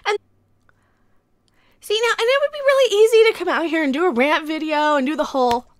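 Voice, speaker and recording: Sarcastic, high-voiced ranting woman. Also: a little fast, no room sound, studio quality. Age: 40s. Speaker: vlogger. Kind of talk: rant commentary.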